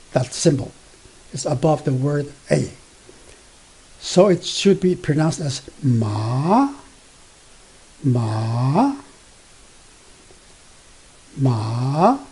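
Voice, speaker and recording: A man gives a beginner language lesson at an unhurried pace. His voice is mellow and a little husky, with plenty of fillers and restarts as he spells out letters. He draws out each sounded tone with care. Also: fairly high pitch. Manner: slow, careful explanation with frequent fillers and self-corrections; drawn-out demonstration of tones and spelled-out letters. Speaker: Mandarin teacher.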